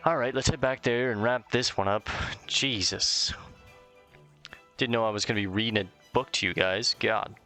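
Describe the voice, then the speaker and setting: A man's voice: fairly low pitch, steady tone, moderate pace, bright, forceful tone, faint music behind. A man hosting a let's play, chatting casually and poking fun at himself. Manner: self-deprecating, laid-back. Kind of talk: casual gameplay commentary.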